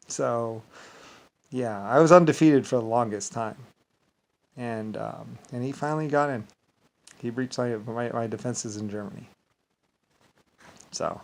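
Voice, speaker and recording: A man telling a story in a rambling casual monologue, full of halting restarts and repeated filler words. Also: mid-range voice, creaky, poor audio.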